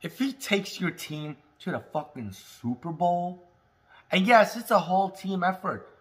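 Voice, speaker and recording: A man hosting a casual cannabis talk, high and rambling, swearing freely, joking and coughing between lines. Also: measured pace. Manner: rambling, profane, jokey, with laughs and smoker's coughs. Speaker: cannabis review host. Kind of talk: casual stoned monologue.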